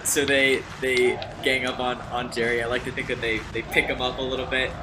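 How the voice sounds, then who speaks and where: A man's voice: medium pitch, flat delivery, brisk, crowd noise, background noise. A man playing a tabletop game, talking casually with eager, hesitant restarts. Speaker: player.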